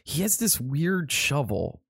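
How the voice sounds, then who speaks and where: A man's voice: on the high side, very animated, slow, gravelly, a bit bright, husky, no echo, clean studio sound. A man co-hosting a podcast, recapping a movie in casual chat, joking and swearing freely. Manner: profane, joking, rambling. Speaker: podcast co-host.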